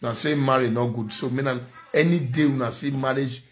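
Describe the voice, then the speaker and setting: Nigerian man, middle-aged, preachy scolding commentator, mid-pitched voice. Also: fairly even intonation, moderate pace. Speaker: social media commentator. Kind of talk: impassioned monologue.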